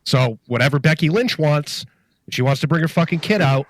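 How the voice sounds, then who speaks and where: A man co-hosting a casual wrestling chat, blunt and quick to swear. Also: fairly high pitch, lively intonation, no echo. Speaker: podcast co-host.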